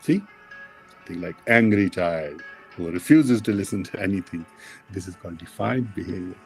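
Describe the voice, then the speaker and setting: A man lecturing dental students, explaining plainly with many pauses and fillers and addressing the class directly. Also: sits low, darkish tone, faint music behind. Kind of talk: university lecture.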